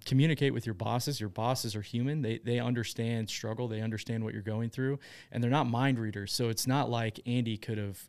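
A man who owns a business, telling stories casually as an interview guest, chatty and quick to laugh. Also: lowish voice, darkish tone, clear, resonant tone, no room sound.

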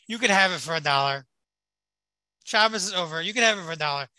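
A stubborn teenage girl who keeps raising her shop's price, acted by a man telling the story. The voice sounds very bright. The recording is close and dry. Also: high voice, lively intonation, fast, no echo, heavily acted, rough recording.

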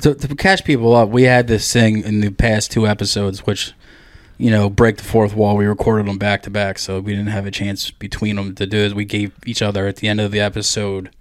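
A man's voice: on the low side, flat delivery, brisk, no echo, clean studio sound. A man co-hosting a podcast, telling a crude story in a rambling, profane way full of "like". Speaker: podcast co-host.

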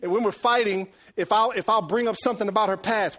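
A middle-aged man preaching a sermon, animated and joking, swinging between loud and hushed delivery. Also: high voice, fast talker, hardly any pauses. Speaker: pastor.

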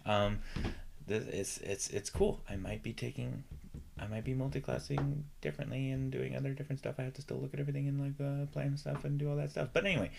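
A man's voice: medium pitch, little pitch movement, quick pace, vocal fry, background noise. A man co-hosting a podcast, chatting casually about a tabletop game, rambling with many restarts and filler words. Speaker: podcast co-host. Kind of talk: casual chat.

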